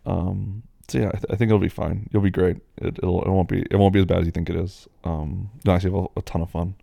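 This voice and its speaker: A man's voice: deep voice, flat delivery, quick pace, vocal fry, dark tone, no echo, studio quality. An American man hosting a casual chat, answering listener questions in a rambling way with lots of fillers and restarts. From United States.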